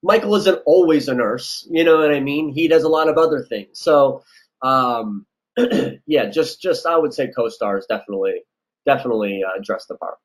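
A man's voice: mid-range voice, expressive, normal speed, rough recording. A man giving casual audition advice as a casting director, loose and chatty with lots of fillers. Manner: loose, chatty, lots of likes and you-knows.

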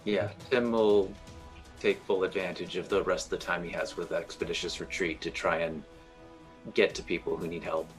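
A man's voice: deep voice, normal speed, faint music behind, low-quality recording. A man playing in a tabletop game, joking and bantering with the group. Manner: animated and joking. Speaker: player.

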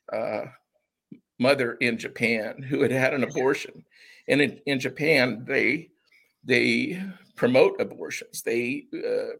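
A man with a medium-pitched, slightly bright voice that's gravelly and husky speaks as an interview guest. In a conversational interview, he earnestly and reflectively recalls his personal experiences.

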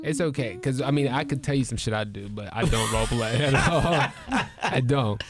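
Male podcast co-host, mid pitch, loose profane joker, casual banter, crowd noise behind. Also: moderate pace. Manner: loose, profane, jokey storytelling.

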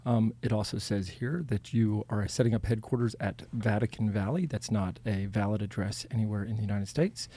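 A man putting on the voice of a stern government tax agent, reading out infractions in flat official language. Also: on the low side, a little fast, hardly any pauses, breathy edge, no echo, pitched below the performer's own voice. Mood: officious. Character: stern male IRS agent shaking down a visitor.

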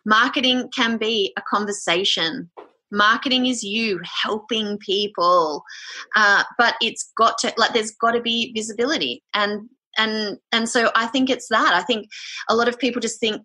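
A woman's voice: a little high, a little slow, bright, forceful tone, breathy edge. A woman, a podcast guest talking frankly and with energy in a casual interview.

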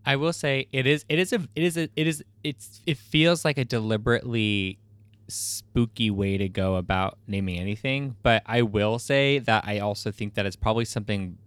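A man's voice: on the low side, normal speed, clean tone, no room sound. A man co-hosting a podcast in casual, rambling chat full of fillers. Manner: rambling, laid-back, lots of fillers. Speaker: podcast co-host.

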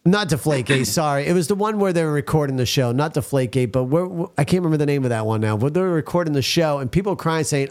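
A man's voice: on the high side, lively intonation, fast talker, few pauses, a little mellow. Blunt, crude male talk show host. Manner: blunt and crude, keeps addressing listeners as folks. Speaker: podcast host. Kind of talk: casual talk show banter and rant.

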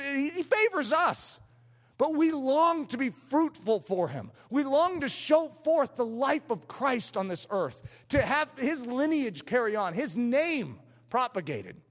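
A man's voice: very high voice, fairly bright tone. A man preaching a sermon in a fervent, emphatic way. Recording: long hall reverb.

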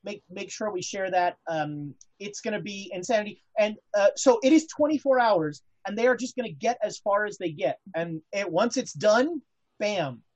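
A woman's voice: medium pitch, lively intonation, normal speed, darkish tone, highs cut off. A woman hosting a casual chat show, talking with many fillers and restarts. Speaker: podcast host.

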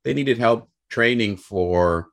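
A young American man telling a work story in a casual, animated way, acting out the people he quotes. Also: medium pitch, slow, vocal fry. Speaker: guest.

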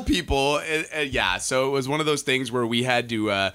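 Bright-toned man telling family stories. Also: medium pitch, moderate pace, smooth. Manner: animated storytelling, acting out family quotes. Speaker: podcast co-host. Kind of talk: casual chat.

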